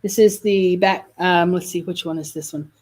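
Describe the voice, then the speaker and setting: A woman's voice: fairly low pitch, steady tone, moderate pace, darkish tone. A woman hosting a live sales video for quilt kits, chatty and enthusiastic, often correcting herself mid-sentence. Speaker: shop host selling quilt kits.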